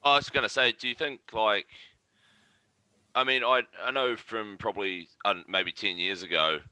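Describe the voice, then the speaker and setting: Young kiwi guy, low but really sharp voice, dry sound, kinda rambly questions. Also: steady tone, moderate pace, smooth, dry recording. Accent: New Zealand. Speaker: co-host. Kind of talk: casual interview.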